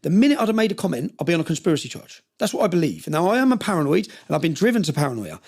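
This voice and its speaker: A man's voice: a little high, big pitch swings, rapid-fire, creaky, darkish tone, breathy edge. A man telling a story intensely in an interview, often checking in with "yeah?" and acting out what others said. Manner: recounting with quoted dialogue. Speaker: interview guest.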